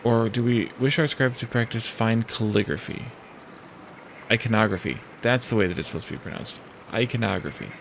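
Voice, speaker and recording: A man's voice: mid-range voice, slight background noise. A man streaming a strategy game, casually thinking aloud, hesitating and reading event text from the screen. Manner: hesitant, with pauses and restarts. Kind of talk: casual let's-play commentary.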